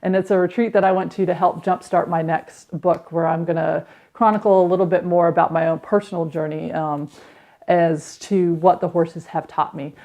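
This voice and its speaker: A woman's voice: on the low side, level tone, mellow. A woman in her thirties, a podcast host, reflectively telling a candid personal story about healing. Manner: candid, reflective, with quick acted quotes.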